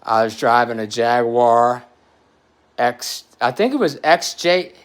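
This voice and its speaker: A man in his forties telling a story in a podcast chat, animated and profane, getting emotional as he talks. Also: mid-range voice, slow, smooth. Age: 40s.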